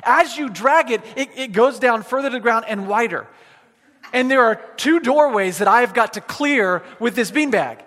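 High-voiced pastor in a reverberant hall. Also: male voice, lively intonation, a bit bright. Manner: self-deprecating, halting with many restarts. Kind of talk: storytelling sermon. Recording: long reverb of a large hall.

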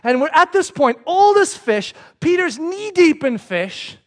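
A man preaching a sermon, telling the story with lively acted-out voices. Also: very high voice, unhurried, few pauses. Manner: animated storytelling, acts out the characters' voices. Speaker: pastor.

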